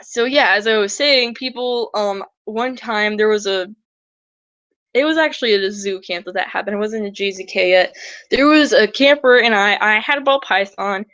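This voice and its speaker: A young woman with a fairly bright voice talks at a moderate pace about reptile conservation in a vlog, casual and earnest. She's chatty, restarts a lot, and mimics other people in high, squeaky voices. The audio is dull, with no room sound.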